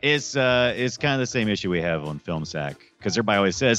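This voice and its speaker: A man co-hosting a gaming podcast, chatting in an animated way, laughing easily and stumbling over restarts. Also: fairly low pitch, fast talker, soft background music. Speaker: podcast co-host. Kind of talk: casual chat.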